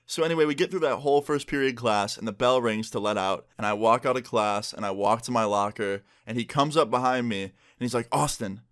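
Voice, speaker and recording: A young man telling a story from his school days in a relaxed, slangy way, filler words throughout. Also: mid-range voice, a little fast, hardly any pauses, smooth. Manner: laid-back, slangy, lots of "like" and "bro". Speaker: YouTuber. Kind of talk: casual storytime vlog.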